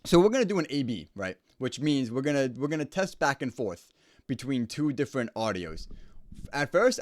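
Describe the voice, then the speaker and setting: A man's voice: medium pitch, no room sound. A man who works as an audio engineer explaining home studio recording in a casual, explanatory way, close to a studio microphone. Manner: casual and explanatory, stresses points by repeating them. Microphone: studio microphone at close range.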